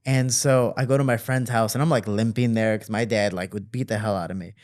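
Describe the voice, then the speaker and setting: A man telling stories from his childhood as a guest in an interview, with lively quoting and relaxed fillers. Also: brisk. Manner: animated, jumps higher to quote people; fillers and restarts, relaxed flow. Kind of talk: casual storytelling.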